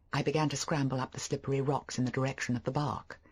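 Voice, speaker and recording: An audiobook narrator reading a first-person story with expressive delivery. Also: mid-range voice, fast talker, husky.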